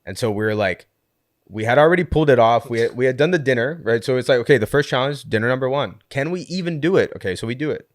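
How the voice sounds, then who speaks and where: A man's voice: mid-range voice, fast, no echo, studio quality. A man, a guest on a podcast, telling a story in a casual chat, leaning on "like" and acting out what people said. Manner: animated storyteller, heavy use of "like", acts out quotes. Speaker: podcast guest, community co-founder.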